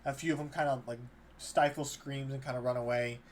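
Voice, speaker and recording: A man's voice: mid-range voice, fairly even intonation, brisk. Guy running a tabletop game, rambling narration full of ums, a bit of noise behind. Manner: loose, hesitant narration with many fillers. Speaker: game master. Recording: faint background noise.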